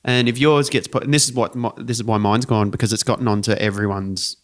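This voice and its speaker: A man's voice: on the low side, steady tone, quick pace. A young man co-hosting a podcast, telling an easygoing story in casual chat and quoting what people said to him. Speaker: podcast co-host.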